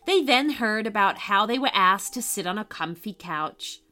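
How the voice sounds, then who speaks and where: A woman storyteller and podcast host narrating a bedtime story in a gentle, unhurried way. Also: medium pitch, expressive.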